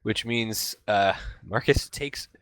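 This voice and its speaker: A man's voice: on the low side, takes it slowly, a bit bright, slight background noise. A young man narrating a tabletop role-playing game as game master, rambling and full of fillers. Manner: rambling, filler-heavy storytelling.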